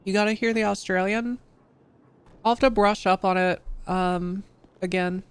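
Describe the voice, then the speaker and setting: Woman, streamer, casual gaming chat, rambling, swearing, smooth voice. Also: medium pitch, steady tone, normal speed, no room sound. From United States. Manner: rambling, swearing, lots of "like" and "you know". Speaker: streamer playing a role-play game.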